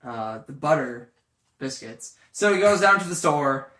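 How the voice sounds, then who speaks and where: A man continuing a comic story slowly and hesitantly. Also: a little high, animated, bright, forceful tone, echoey room. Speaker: guest storyteller.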